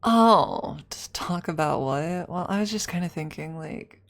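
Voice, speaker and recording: A woman's voice: on the low side, animated. A woman playing a shy flirty classmate, whispered role-play. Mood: hesitant flirty. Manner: hesitant, full of likes and trailing pauses.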